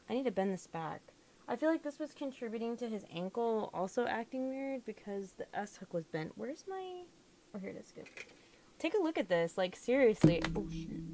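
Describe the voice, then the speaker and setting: This is a casual crafting vlog in which a young woman, a doll hobbyist, talks through a fiddly job at home and frequently exclaims. She has a mid-range voice with a dark tone, and there's slight background noise.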